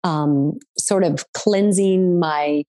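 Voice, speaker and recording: A woman's voice: lowish voice, drawn-out words, warm tone, no room sound. A middle-aged woman, an author, talking earnestly as an interview guest, rambling with many fillers. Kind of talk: casual interview chat.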